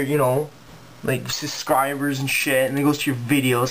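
A man's voice: medium pitch, little pitch movement, moderate pace, fairly bright tone, a little hiss or hum. Profane ranting man, heated. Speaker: auto body technician vlogger. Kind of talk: angry rant to camera.

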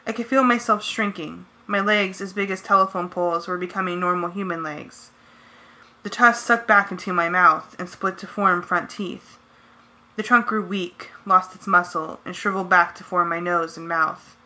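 Brief: woman narrator, first-person novel, tense and brisk, bright tone. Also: lowish voice, steady tone, low-quality recording. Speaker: audiobook reader.

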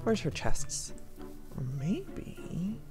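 A man's voice: sits high, wildly swooping pitch, extremely slow, over loud music. A man hosting a playful let's-play video, talking theatrically with frequent gasps and sneaky stage whispers. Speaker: gaming video host.

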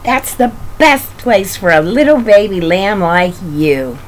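A woman's voice: mid-range voice, very animated, takes it slowly, a little hiss or hum. A woman voicing a fussy, know-it-all duck in a picture book read aloud, talking in a raised, chiding voice.

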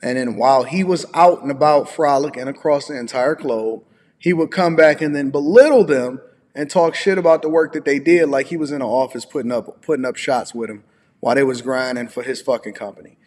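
A man's voice: medium pitch, brisk, darkish tone, big-room sound. A man hosting a livestream, reacting to a clip with exasperated, blunt, profane commentary. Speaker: livestream host.

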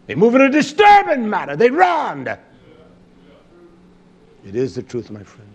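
A man preaching a sermon while seated, repeating phrases and swinging from shouts down to low murmurs. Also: wildly swooping pitch, measured pace, breathy edge. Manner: repetitive, call-and-response phrasing.

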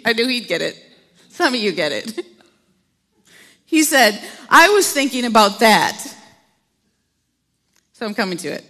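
A woman's voice: fairly low pitch, fairly bright tone, in a large hall. A middle-aged woman pastor with an Upper Midwest American accent gives a chatty sermon, with playful asides to the congregation. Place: church sanctuary.

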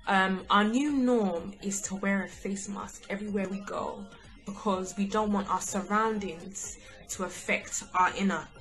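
A woman speaking slowly and reflectively in a mid-range voice, introducing herself for an audition clip. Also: medium pitch, steady tone, a bit bright, soft background music, poor audio. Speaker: reality show contestant. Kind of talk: audition video self-introduction.

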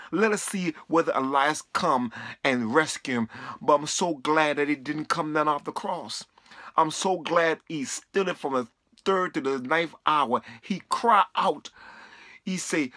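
A man's voice: a little high, bright, forceful tone, dry recording, studio quality. A man preaching fervently to a camera, repeating himself and quoting scripture. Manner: fervent, repetitive, quotes scripture. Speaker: street preacher.

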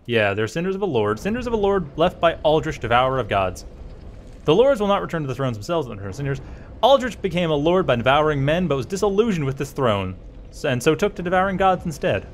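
A man's voice: fairly high pitch, big pitch swings, quick pace, a little hiss or hum. Man musing over game lore. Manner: musing aloud, reading item text, self-correcting. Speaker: let's play host. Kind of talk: casual gameplay commentary.

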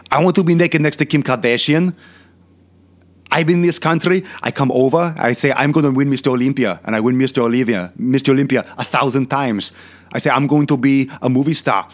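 Speaking in a mid-range voice close to his everyday one, a male fitness channel host performs a comic rant as a crude, bragging older Austrian bodybuilder turned film star. He lays on a heavy fake Austrian accent and keeps throwing in repetitive filler questions.

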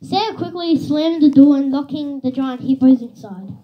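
Woman, children's book reading, expressive storytelling, high pitch, dull lo-fi sound. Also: moderate pace, a little hiss or hum. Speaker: reader.

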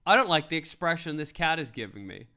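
A man's voice: fairly high pitch, quick pace. A young man streaming, joking and swearing as he reads web articles aloud. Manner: joking, animated, swears freely. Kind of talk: casual commentary reading web articles.

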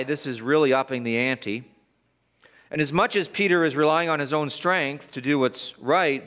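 A male pastor preaching a sermon in church, emphatic and repetitive, swinging from loud urgency to quiet gravity. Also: fairly high pitch. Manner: emphatic, repeats words for stress.

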